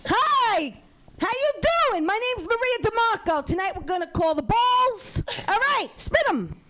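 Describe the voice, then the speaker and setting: A brassy New Yorker woman barking out lottery numbers with a thick accent , as a female comic puts her on. Her voice sits high and loud, and she talks with swagger. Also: big pitch swings, unhurried, full character voice. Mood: brash. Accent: New York.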